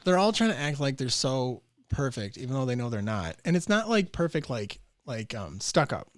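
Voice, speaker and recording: A young man, a podcast guest, telling a story in a loose, profane, animated way and acting out the voices. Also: medium pitch, normal speed, dry recording, studio quality. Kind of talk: casual storytelling.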